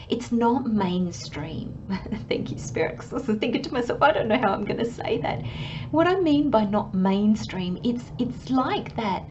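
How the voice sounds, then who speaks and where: A woman giving a channelled tarot reading in a soft, dreamy way, often dropping into a hushed whisper. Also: fairly high pitch, dull audio, noisy background. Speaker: tarot reader.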